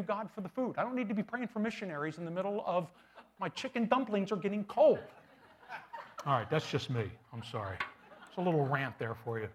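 A middle-aged male pastor preaching a sermon in a church, animated and conversational, with humorous asides. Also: high-pitched, a little hiss or hum.

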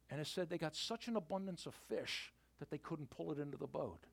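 A male pastor preaching a sermon with animated storytelling, sometimes dropping to a near-whisper for emphasis. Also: a little high, fairly quick, creaky.

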